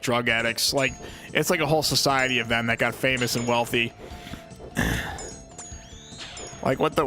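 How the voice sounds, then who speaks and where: A young man streaming live, ranting casually and at length, swearing a lot and filling every pause with "you know what I mean". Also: mid-range voice, a bit bright. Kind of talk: casual livestream rant.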